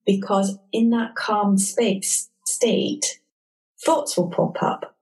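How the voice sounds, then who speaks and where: A woman calmly and gently explaining a tapping technique step by step in an interview. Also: medium pitch, very slow, rough recording. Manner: calm, gentle instructional talk. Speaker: tapping therapy practitioner.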